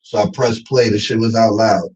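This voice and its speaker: A man, ranting in casual livestream chat, slangy and animated, laughing often. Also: on the low side, moderate pace, slightly rough, dull audio. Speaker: streamer.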